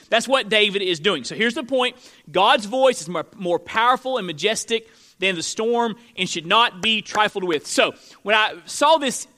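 A man's voice: sits high, bright, forceful tone. A man from Florida preaching a sermon as pastor, conversational, with joking asides to the congregation.

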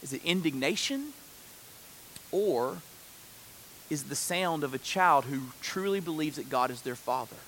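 Male preacher with a high, bright voice; earnest delivery that rises to loud peaks. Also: lively intonation, unhurried, long pauses, slight background noise. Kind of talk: sermon.

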